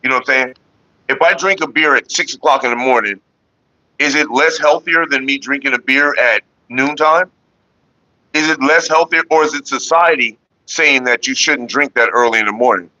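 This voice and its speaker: Casually vlogging from Northern California, a man answers viewer questions in a rambling, relaxed, foul-mouthed way, touching on keeping calm. His voice is mid-range at a normal pace, and the dry recording has a dull, lo-fi quality.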